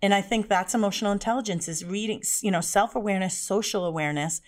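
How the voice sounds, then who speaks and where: Animated woman telling stories as guest. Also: mid-range voice, quick pace. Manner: animated, acts out quoted dialogue in changed voices. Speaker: guest speaker. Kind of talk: conversational interview storytelling.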